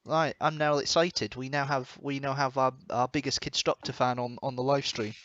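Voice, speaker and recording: A man's voice: medium pitch, little pitch movement, moderate pace, fairly bright tone, no room sound. A man from Scotland hosting a casual livestream, chatty and exclamatory as he reacts to viewer comments. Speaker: livestream host. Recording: slightly dull lo-fi stream audio.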